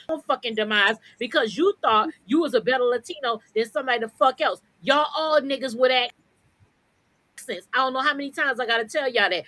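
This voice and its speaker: A woman's voice: high-pitched, fairly bright tone, no echo, rough recording. A woman co-hosting a podcast, ranting in a blunt, profane, confrontational way. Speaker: podcast co-host. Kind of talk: heated podcast rant.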